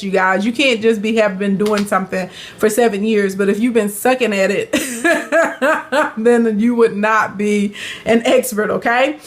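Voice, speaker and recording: Upbeat Southern woman, fairly high voice. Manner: chatty, upbeat, calls viewers honey. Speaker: live-stream business coach. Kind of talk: casual live Q&A, greeting viewers.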